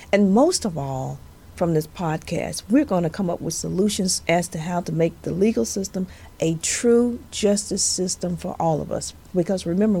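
A woman's voice: fairly low pitch, vocal fry, warm tone, slightly rough. A woman in her fifties with a northern Louisiana Southern accent, hosting a podcast in an earnest, preacherly way with emphatic repetition. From Louisiana, USA. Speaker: podcast host, civil rights attorney. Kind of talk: earnest motivational podcast talk.

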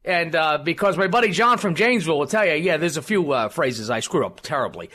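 A man's voice: fairly high pitch, expressive, fairly quick, sharp tone. A man hosting a political talk radio show, rambling and combative, with many fillers.

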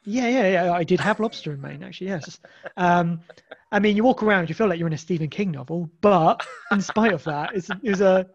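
Man, English accent, high-pitched, rambling casual chat, restarts, dull lo-fi sound. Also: fairly quick. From England. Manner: rambling, many restarts and fillers. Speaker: guest. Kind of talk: casual podcast conversation.

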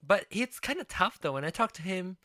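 A host chatting casually, laughing often and trailing off quietly. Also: male voice, sits high, animated, brisk, no echo, studio quality. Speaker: podcast host. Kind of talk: casual chat.

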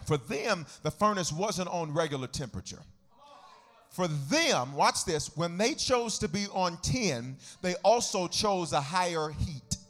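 A man preaching a sermon as pastor, swinging from quiet teaching into sung, shouted whooping. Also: animated, a little slow, faint music behind. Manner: whooping preacher rising into sung shouts, then dropping low.

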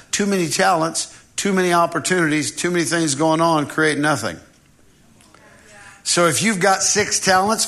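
A preacher delivering a sermon with a bright, clear tone. He is animated and humorous, slipping in quick acted-out voices as he goes. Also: a little high.

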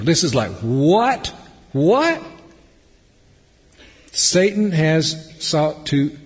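A man preaching a sermon, swinging between loud emphasis and hushed, near-whispered passages. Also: mid-range voice, slightly rough. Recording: long hall reverb.

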